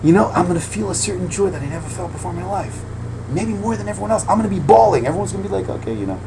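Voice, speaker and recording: A man, a rabbi, teaching an informal lesson in a lively, slangy way that often builds to loud fervor. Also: high voice, heavy background noise. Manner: animated, heavy slang, quick asides, rising to loud fervor.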